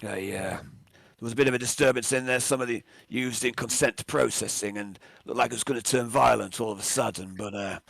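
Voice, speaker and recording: A man voicing a nervous male sergeant on trial, apologetic and stammering, a bit higher than his own voice. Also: fairly quick, gravelly, hardly any pauses, a bit bright, no echo. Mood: defensive.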